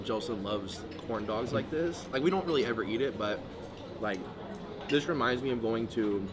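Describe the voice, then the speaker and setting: A chatty, upbeat man vlogging in a casual way from a hotel breakfast buffet, sprinkling in "bro" and "like." His voice sits at an ordinary middle pitch, with busy crowd chatter clearly heard behind him. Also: moderate pace. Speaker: vlog host. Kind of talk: casual vlog chat. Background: loud crowd chatter.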